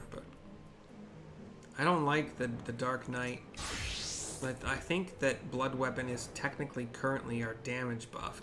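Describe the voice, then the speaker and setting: A man's voice: mid-range voice, background noise. A man giving casual commentary on a video game for blind viewers, rambling, hesitant and often correcting himself. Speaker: gaming streamer narrating for blind viewers.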